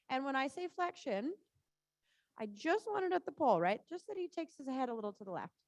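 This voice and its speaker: Woman riding coach, high voice, dry close sound, brisk encouraging cues. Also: dry recording. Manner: encouraging, quick short cues. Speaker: riding instructor. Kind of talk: live coaching during a riding lesson. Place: indoor riding arena.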